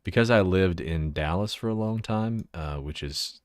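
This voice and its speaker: This livestreamer from Central Texas talks in a low voice at a moderate pace, showing his avatar model. He swears freely, laughs often and fiddles with his setup as he chats. The recording is dry and studio-clean.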